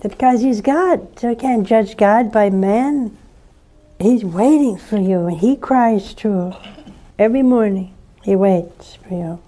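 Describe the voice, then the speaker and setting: Earnest older nun counseling a caller. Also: female voice, mid-range voice, takes it slowly. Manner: tender, emphatic and earnest, with sudden soft whispers. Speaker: nun hosting a call-in show. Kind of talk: call-in show advice.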